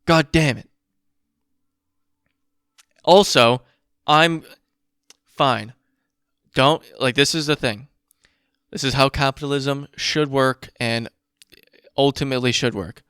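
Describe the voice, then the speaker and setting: A man hosts his podcast in an agitated, profane rant. His voice is very smooth and clear, with a middle pitch. The sound is dry and close, with no room around it. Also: slow, pauses often, fairly bright tone, dry recording. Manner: profane, worked-up ranting with running math. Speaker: podcast host. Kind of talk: casual ranting commentary.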